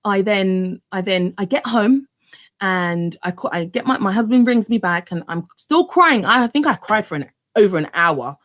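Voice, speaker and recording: Animated woman telling her story. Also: mid-range voice, normal speed. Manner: animated, repeats words, addresses viewers as guys. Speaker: vlogger. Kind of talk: personal birth story told to camera.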